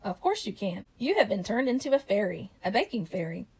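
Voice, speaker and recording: A woman reading the lines of a calm, commanding fairy queen in a storybook. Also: medium pitch, fairly quick, husky.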